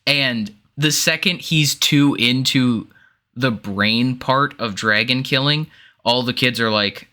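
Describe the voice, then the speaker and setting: A man co-hosting a podcast in a loose, animated chat. His voice is bright and forward, and he laughs easily and swears freely as he talks. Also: mid-range voice, takes it slowly, smooth. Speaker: podcast co-host. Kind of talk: casual chat.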